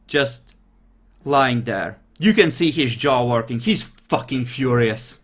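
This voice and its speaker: A man's voice: medium pitch, expressive, takes it slowly. A man running a tabletop game as game master, narrating scenes in a casual, offhand way and swearing freely.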